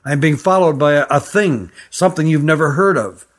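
A man voicing a frightened older boy on the run, speaking with hushed urgency in a storybook reading. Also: a little high, a little fast, close to an everyday voice. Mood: urgent.

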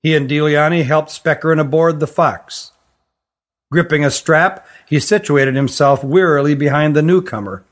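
A man reads a fantasy audiobook in an even, careful manner, his voice sitting slightly high for a man. The narration is steady and clear. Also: normal speed.

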